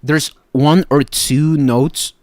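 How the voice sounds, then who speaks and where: A man's voice: fairly high pitch, steady tone, very slow, a little mellow, no room sound, clean studio sound. A young man live streaming as a beatbox judge, ranting, swearing and mocking people. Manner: mocking, swears, mimics people in silly voices.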